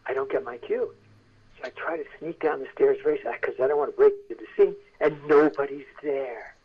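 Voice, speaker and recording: An older actor, a guest on the show, telling animated anecdotes and acting out the voices of people in them. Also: male voice, medium pitch, brisk, highs cut off. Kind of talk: casual storytelling interview.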